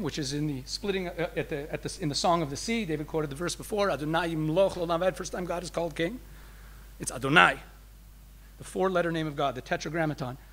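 High-voiced rabbi teaching a crowd. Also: male voice. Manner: explanatory, swings between emphatic and soft. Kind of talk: teaching talk to an audience.

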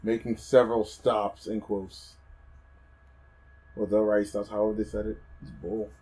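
A man co-hosting a gaming show, making deadpan rambling jokes in casual commentary. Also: fairly low pitch, unhurried, rough recording.

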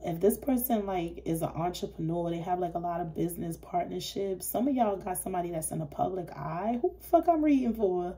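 A woman giving a casual tarot reading in a blunt, animated way, swearing freely. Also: lowish voice, fairly quick, few pauses. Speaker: tarot reader.

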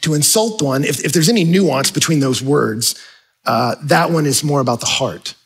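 A male pastor preaching a sermon in a conversational, animated way, acting out quick asides. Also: a little high, husky, rough recording.

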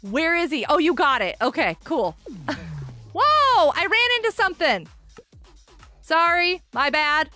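Super high-pitched lady streamer, bouncy, bright voice, gets hyped fast, some music behind. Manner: excitable, cheers players on, frequent laughs. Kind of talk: live Minecraft stream chat.

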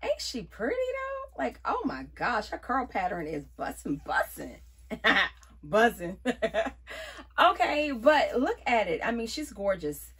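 Young woman, beauty vlogger, animated pitch, bright husky voice, playful and exuberant. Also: a little slow. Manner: exuberant, playful, talks to viewers as y'all, bursts of laughter. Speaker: beauty vlogger reviewing a wig. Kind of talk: casual chatty vlog.

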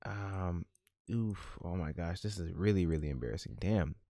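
Brief: male gaming host with a low voice, dry close mic, casual slangy commentary. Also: moderate pace, dry recording. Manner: animated, slangy, laughs at his own jokes. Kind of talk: casual let's-play commentary.

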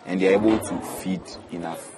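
A young man from Ghana in his twenties, a student catfish farmer giving plain, halting answers with fillers in an interview. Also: sits low, steady tone, noisy background. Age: 20s.

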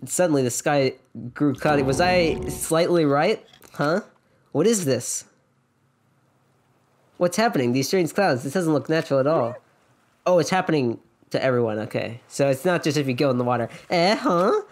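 A woman's voice: low voice, lively intonation, normal speed, a little mellow. A young woman giving jokey, giggly commentary on a video game and reading its dialogue aloud. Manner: jokey, giggly, self-interrupting. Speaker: let's play streamer.

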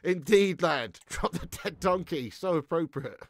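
This is a studio-quality recording with no echo: a man's slightly high, expressive, creaky voice at an unhurried pace. Streaming a football game, he reads his chat and banters loosely, often cursing and laughing.

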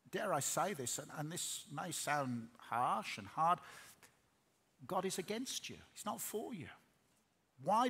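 A man's voice: mid-range voice, a bit bright, husky. A middle-aged man preaching a sermon in earnest, repeating words as he builds up. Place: large hall.

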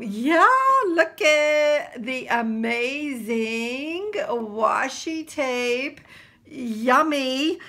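A woman from New Jersey chatting casually to her camera as she unboxes craft supplies, gushing and excited, with lots of fillers. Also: on the high side. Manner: gushing and excitable, full of exclamations. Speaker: craft vlogger.

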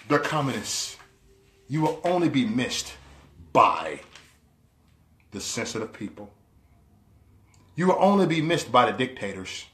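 A man vlogging in an animated storytelling monologue, swinging from low asides to loud cries. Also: measured pace, pauses often. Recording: roomy echo.

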